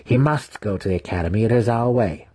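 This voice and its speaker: A man playing a cold dark elf matriarch. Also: lowish voice, breathy edge, pitched above the performer's own voice. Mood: controlled. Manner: controlled, measured, menacing.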